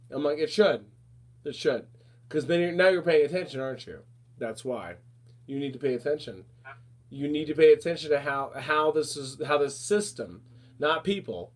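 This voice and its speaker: A man hosting a casual show, with a voice a bit higher than usual. He rambles and talks in an animated way, calling people darling and honey. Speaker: podcast host. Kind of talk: casual chat.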